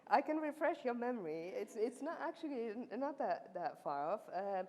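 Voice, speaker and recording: A woman's voice: a little high, sing-song, moderate pace, a little mellow. A woman supervisor giving a ceremonial laudatio, chatty and teasing inside a formal speech, with many fillers. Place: university ceremony hall. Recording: echoey hall, faint background noise.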